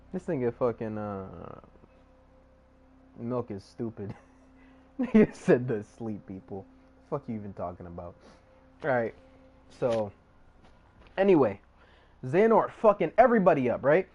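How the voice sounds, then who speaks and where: A man's voice: medium pitch, darkish tone, muffled recording. A man streaming live, recapping a story casually in slangy, profane, rambling talk. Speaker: livestreamer.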